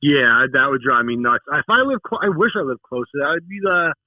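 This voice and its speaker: A man's voice: medium pitch, big pitch swings, brisk, dry recording. Man on a tinny phone-like line. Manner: short reactions and follow-up questions. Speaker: podcast co-host. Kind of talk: casual chat, reacting.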